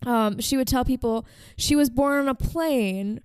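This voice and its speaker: A woman's voice: sits high, measured pace, clear, resonant tone, no echo. A woman hosting a podcast, telling a story in casual chat with lots of "like" fillers. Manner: chatty, frequent "like" fillers. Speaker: podcast host.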